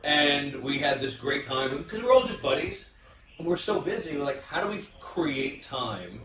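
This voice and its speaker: A man hosting a casual round-table chat, telling stories in an animated way with many restarts and fillers. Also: a little high, normal speed, reverberant, far from the mic, a crowd in the background. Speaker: podcast host.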